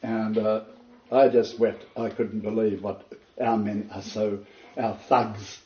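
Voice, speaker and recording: Older male preacher, earnest and emphatic lecture delivery, mellow tone, echoey room recording. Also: flat delivery, slow, a little hiss or hum. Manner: earnest and emphatic, pitch leaping on stressed words, rambling asides. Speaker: preacher giving a Bible lecture. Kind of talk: informal sermon lecture to a small group. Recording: roomy, distant, dull lo-fi.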